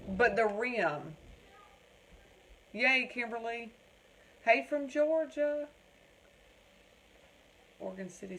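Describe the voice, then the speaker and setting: A woman with a Southern American drawl chats with her viewers during a craft livestream, greeting them by name and answering their comments. She talks in a folksy, chatty way, with a voice of ordinary, middle pitch. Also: a little hiss or hum, low-quality recording. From North Carolina. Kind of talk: casual livestream chat reading viewer comments.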